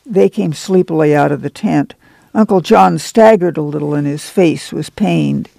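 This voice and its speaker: Male narrator, measured storybook delivery, slightly high pitch with heavy fry. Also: warm tone, no echo. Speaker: audiobook narrator. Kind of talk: scripted narration.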